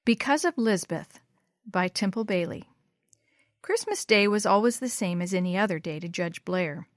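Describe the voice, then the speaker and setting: A woman narrating a storybook aloud in a clear, measured way. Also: mid-range voice, expressive, no echo, studio quality. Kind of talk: storybook reading.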